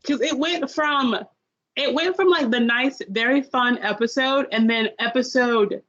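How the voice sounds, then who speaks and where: A woman's voice: high voice, a little slow, fairly bright tone. A young woman co-hosting a podcast, telling a long, rambling story about binge-watching a show in a casual review chat. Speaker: podcast co-host. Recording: dull lo-fi sound.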